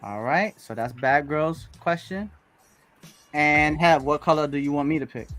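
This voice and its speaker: A man hosting a live stream, chatting casually with loud, laughing banter. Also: on the high side, a little slow. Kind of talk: casual chat.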